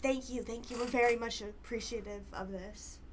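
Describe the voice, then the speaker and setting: A woman voicing a grateful king and queen who give halting, formal thanks in a soft voice. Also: a little high, steady tone, slight background noise, close to an everyday voice.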